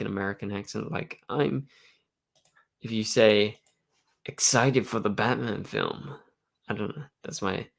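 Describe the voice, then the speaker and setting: A young man hosts a live stream, casually chatting and answering viewer questions in a medium-pitched, fairly bright voice. He rambles with lots of fillers, full of "like" and "um."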